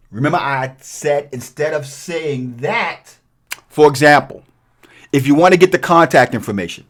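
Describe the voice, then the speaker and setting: A middle-aged man teaching a cold calling script in an energetic, emphatic way, sometimes acting out sample lines for callers. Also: mid-range voice, moderate pace. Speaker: real estate investing coach. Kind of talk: training video walkthrough.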